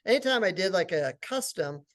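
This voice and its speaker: A middle-aged man, a company founder, telling a lively business story at a forum and acting out what other people said. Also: high-pitched, a little fast. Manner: animated, acts out quotes of others.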